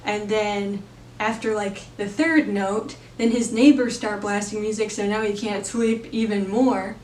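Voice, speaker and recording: A woman's voice: mid-range voice, steady tone, unhurried, a little mellow, echoey room, far from the mic, a little hiss or hum. A woman giving a casual spoken film review, chatty and full of fillers, laughing now and then. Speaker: movie reviewer.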